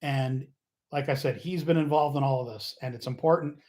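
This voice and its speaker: A man hosting a casual livestream, rambling and joking, often losing his train of thought and getting loud and fired up. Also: mid-range voice, brisk. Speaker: livestream host.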